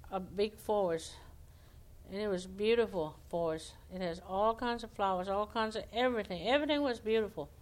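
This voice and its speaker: Smooth-voiced woman telling folktales. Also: mid-range voice. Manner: homespun, conversational, animated quotes. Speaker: storyteller.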